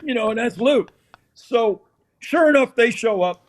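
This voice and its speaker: An older man, a former football coach appearing as a guest on the show, tells casual anecdotes and animatedly acts out the scenes. His voice is very high and unhurried.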